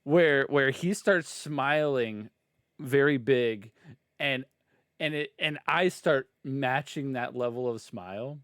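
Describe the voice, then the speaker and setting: A man's voice: medium pitch, slow pace, fairly bright tone, clear, resonant tone, no echo. Chatty man player, dry close sound. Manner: chatty, laughing, explains his character's quirks. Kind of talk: casual tabletop play.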